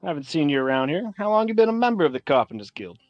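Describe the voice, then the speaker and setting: A man's voice: on the high side, big pitch swings, very fast, dry recording, highs cut off, soft background music, pitched above the performer's own voice. A man voicing a brash, confident male halfling tradesman who talks in a breezy, pushy way. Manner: breezy, pushy, sizing people up.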